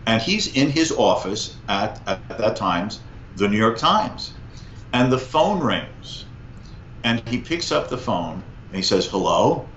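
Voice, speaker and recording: A man in his sixties, a guest professor, telling historical anecdotes in an animated conversational interview. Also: on the low side, takes it slowly, slight background noise. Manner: animated anecdote teller, lively vocal emphasis. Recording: echoey, slightly muffled room.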